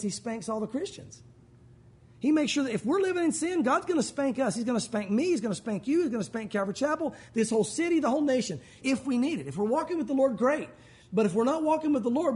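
A man preaches a sermon in a relaxed, conversational way, dropping in joking asides. His voice sits very high for a man. It has a husky, slightly rough texture. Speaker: pastor.

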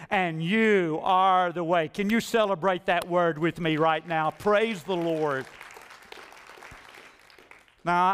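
A male pastor preaching a sermon in a church, moving between quiet asides and loud, rising declarations. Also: high voice, clear, resonant tone, long reverb tail. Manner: dynamic preaching, swinging from soft asides to loud climbs. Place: church sanctuary.

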